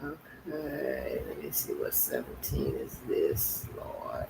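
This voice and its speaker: A man's voice: very deep voice, huge pitch swings, vocal fry, heavy background noise. A man hosting a casual reaction chat, laughing and restarting his sentences as he finds the right clip. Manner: chatty, laughs often, slow restarts. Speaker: host reacting to a story.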